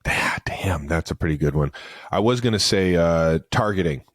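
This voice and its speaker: Low-pitched guy riffing on football with his co-host, super expressive, swears a lot, dry close sound. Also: brisk, no room sound. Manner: animated, joking, swears freely. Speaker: podcast co-host, football receiver. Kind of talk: casual sports chat.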